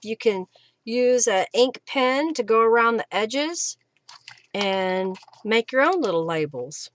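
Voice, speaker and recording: A woman's voice: a little high, fairly bright tone, no room sound. A woman hosting a live crafting demonstration at home, chatting and thinking aloud with fillers as she works. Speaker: craft host.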